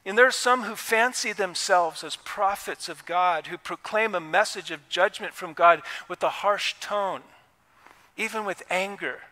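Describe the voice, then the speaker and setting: A man's voice: high voice, unhurried, sharp tone, in a large hall. A man giving a conversational, impassioned sermon as pastor in a church. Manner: impassioned, conversational preaching with acted quotes. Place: church sanctuary.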